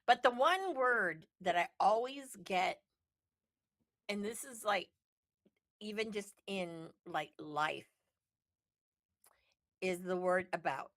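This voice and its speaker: A woman's voice: mid-range voice, expressive, takes it slowly, long pauses, a bit bright, no room sound, studio quality. A woman co-hosting a casual wrestling podcast chat, chatty and emphatic, swearing casually. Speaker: podcast co-host.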